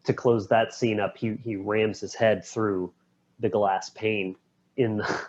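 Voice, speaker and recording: A man co-hosting a podcast, retelling film scenes in a relaxed, slangy way. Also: fairly low pitch, slow, lo-fi sound. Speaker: podcast co-host. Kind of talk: casual film discussion.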